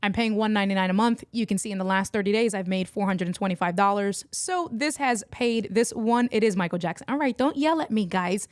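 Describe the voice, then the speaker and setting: A middle-aged woman talks casually to her livestream audience from her desk mic. She is chatty and quick to laugh, greeting viewers by name. Her voice sits at a middle pitch in a dry, close recording. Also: dry recording. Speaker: livestream host and online entrepreneur.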